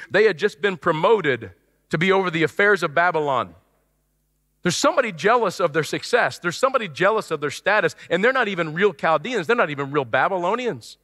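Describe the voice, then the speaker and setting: A male pastor preaching a sermon in an animated way, acting out the voices he quotes, in a church auditorium. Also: sits high. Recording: long church hall reverb.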